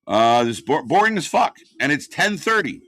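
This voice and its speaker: A man calls a live wrestling broadcast in a profane, exasperated rant. His voice sits a bit high and swings widely in pitch. The sound is dry and close, with no room around it. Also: big pitch swings, moderate pace, fairly bright tone, dry recording. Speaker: live watch-party commentator. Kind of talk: unscripted live commentary.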